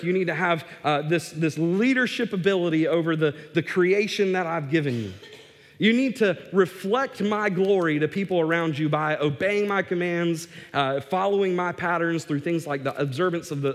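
A man preaching a sermon, emphatic, repeating words for stress, with restarts and fillers. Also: on the high side. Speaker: pastor. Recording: echoey hall reverb.

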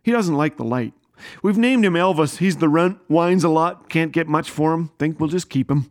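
A woman's voice: low voice, moderate pace, darkish tone, lightly acted. A man voicing a matter-of-fact woman who sells puppies, talking bluntly and offhandedly. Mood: offhand.

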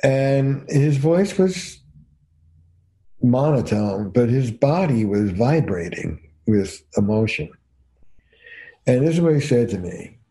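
Man, older, from new jersey, emphatic storyteller, mellow voice. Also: medium pitch. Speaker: couples therapist. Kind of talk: casual podcast conversation.

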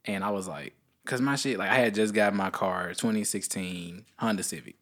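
A young man co-hosting a podcast, chatting casually and telling a long story, often jumping into high voices to quote people. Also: moderate pace. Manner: animated storyteller, jumps into high-pitched voices when quoting people. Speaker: podcast co-host.

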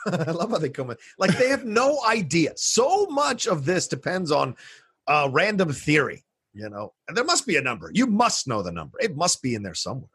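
Raspy emphatic male podcast co-host. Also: on the high side, huge pitch swings, a bit bright, no echo, clean studio sound. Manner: emphatic, quick agreeing interjections. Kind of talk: casual film discussion.

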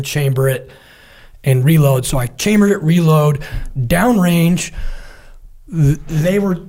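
Man telling a vivid combat story. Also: on the high side. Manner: vivid storytelling, animated quoting of comrades. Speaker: military veteran guest. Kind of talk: conversational war storytelling.

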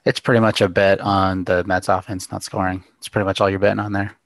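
A man co-hosting a relaxed chat with a low, gravelly voice full of vocal fry. He comes across easygoing and chimes in with quick replies. He is recorded close and dry. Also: dry recording. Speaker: co-host. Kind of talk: casual chat.

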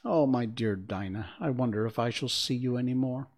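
A man's voice: mid-range voice, normal speed, darkish tone, close to an everyday voice. A man voicing a polite, eager young girl in a storybook reading, in a raised, pleading voice. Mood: melancholy.

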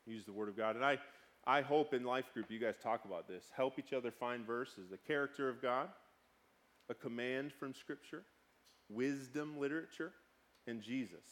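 Preaching man, loud then hushed. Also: mid-range voice, normal speed. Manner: conversational preaching, swinging between loud outbursts and hushed, soft passages. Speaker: pastor. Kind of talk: sermon.

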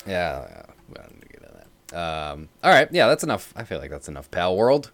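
A man with a low voice that swings up and down a lot, chatting easily on a podcast. He swears offhandedly and nudges the talk to the next topic. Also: big pitch swings, fast talker, a bit bright. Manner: laid-back, swears casually, steers the conversation. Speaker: podcast co-host. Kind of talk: casual chat.

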